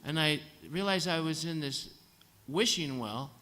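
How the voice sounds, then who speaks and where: A singer doing comic storytelling at a live concert acts out nurses and doctors as he tells a dry, funny tale from the stage of a concert hall. His voice is a little high, bright and forceful, and he speaks a little slowly.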